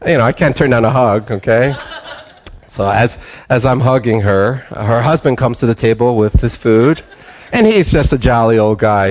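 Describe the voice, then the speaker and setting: An older man, a pastor giving a sermon in a relaxed, conversational storytelling way with frequent restarts. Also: medium pitch, moderate pace, slight background noise.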